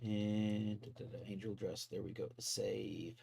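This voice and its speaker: Low-voiced man chatting through a livestream. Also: fairly even intonation, a little slow, gravelly, husky. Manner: chatty, talks to viewers and to his software while working, chuckles often. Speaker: 3D artist livestreaming his work. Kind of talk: casual live-stream commentary.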